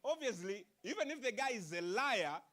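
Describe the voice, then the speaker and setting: High-voiced energetic male speaker. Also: normal speed. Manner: energetic, calls out to the crowd, asks questions. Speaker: motivational speaker. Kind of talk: live speech to a youth audience. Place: conference hall.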